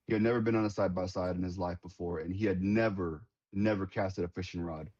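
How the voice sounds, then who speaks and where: A man's voice: sits low, fast. A retired veteran man telling stories casually in an interview, full of restarts and quoted dialogue. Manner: animated storyteller, many restarts and quoted voices. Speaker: guest, retired Marine veteran. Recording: dull lo-fi sound.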